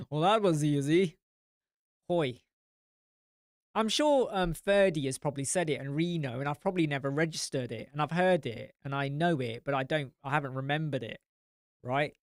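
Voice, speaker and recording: A man's voice: on the high side, normal speed, pauses often, no echo, studio quality. A man hosting a casual live-stream chat, blunt and rambling, swearing freely. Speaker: host.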